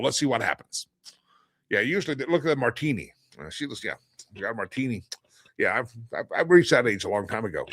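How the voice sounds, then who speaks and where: A man's voice: medium pitch, animated, moderate pace, a bit bright, no room sound. A middle-aged man hosting a daily live stream in a casual monologue, rambling, repeating himself and restarting sentences, with the odd chuckle. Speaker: show host.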